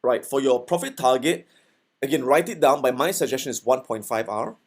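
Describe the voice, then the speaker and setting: A man's voice: mid-range voice, brisk, slightly rough. A man teaching trading in a casual recorded lesson, talking conversationally and often checking in with his listeners. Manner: conversational, checks in with "okay" and "right". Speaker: forex trading instructor.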